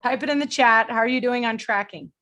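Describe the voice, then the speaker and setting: A middle-aged woman leading a group coaching call, energetic and blunt, motivational, with casual swearing. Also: on the high side, brisk. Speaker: sales coach.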